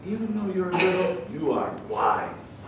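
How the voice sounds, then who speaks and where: A man doing a gentle old grandmother turtle. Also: high-pitched, big pitch swings, unhurried. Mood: tender. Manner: gentle, warm and reassuring. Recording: echoey hall from far off, noisy.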